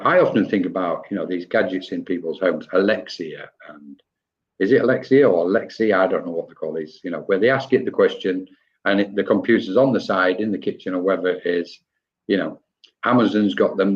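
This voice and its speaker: Man, fairly low voice, rambling and reflective, spiritual talk over video call, dull lo-fi sound. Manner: rambling, reflective, with frequent restarts. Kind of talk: live online spiritual discussion.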